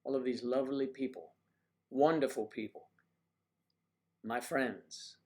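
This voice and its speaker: A man hosts a casual livestream, addressing his viewers directly in a playful, rambling way full of teasing asides. His voice is middle-pitched and a little mellow, with fairly even intonation and a slightly slow pace.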